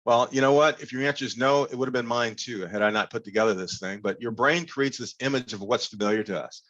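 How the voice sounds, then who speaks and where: A man giving an animated, interactive workshop talk over a video call, leading the audience in call-and-response. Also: medium pitch, quick pace, dull audio. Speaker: workshop speaker.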